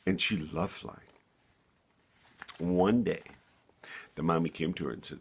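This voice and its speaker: A man telling a bedtime story in an animated, sing-song way. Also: deep voice, unhurried, long pauses, breathy edge.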